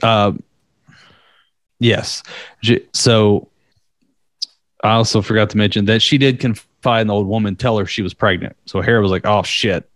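A man's voice: fairly low pitch, steady tone, moderate pace, long pauses, no room sound. A man chatting casually, retelling a myth in a loose, profane way and acting out the quotes. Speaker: podcast co-host.

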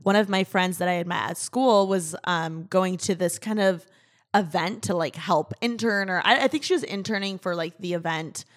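A woman in her twenties, a podcast guest, talking casually and chattily, full of "like" and quick laughs. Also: on the low side. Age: 20s. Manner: chatty, fillers like "like", laughs often. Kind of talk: casual chat.

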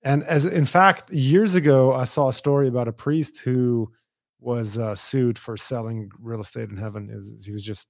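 A man's voice: mid-range voice, fairly even intonation, vocal fry, no echo. Casual male podcast host, dry sound. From Lebanon. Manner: loose, joking, quick to laugh. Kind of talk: casual chat.

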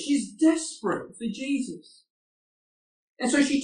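A man's voice: very high-pitched, expressive, takes it slowly, pauses often, a little mellow. A man preaching a sermon, earnest and asking his listeners rhetorical questions. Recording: echoey room, far from the mic.

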